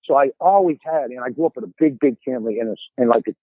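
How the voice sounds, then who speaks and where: A man's voice: mid-range voice, racing, no echo. A man in his fifties with a thick Boston accent, telling stories as a podcast guest. He rambles and stumbles, repeating words as he gets going. His voice comes through a narrow, phone-like line with no room sound at all. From Boston area, USA. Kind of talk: casual storytelling chat.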